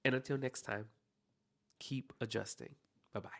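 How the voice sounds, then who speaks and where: A man's voice: mid-range voice, steady tone, normal speed, gravelly. A man hosting a solo podcast, talking earnestly and encouragingly straight to the listener. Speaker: podcast host.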